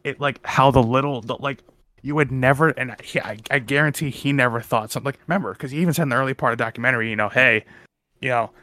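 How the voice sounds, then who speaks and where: A man's voice: medium pitch, fast talker, bright, forceful tone. A young man co-hosting a casual podcast chat, rambling and restarting his sentences often. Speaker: podcast co-host.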